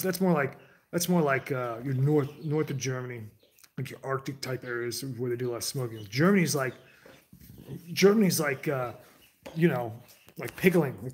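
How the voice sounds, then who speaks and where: A man's voice: mid-range voice, a little mellow, slight background noise. A man hosting a livestream, talking casually to his chat in a digressive, rambling way, often restarting his sentences. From United States. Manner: digressive, restarts sentences, jumps between tangents. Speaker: livestream host.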